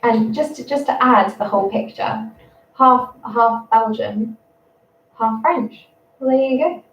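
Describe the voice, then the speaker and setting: Woman, twenties, English accent, rambling livestream chat, dull muffled audio, far from the mic. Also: on the high side. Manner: chatty, rambling, quick to laugh. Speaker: primary school teacher. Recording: roomy, distant, dull sound.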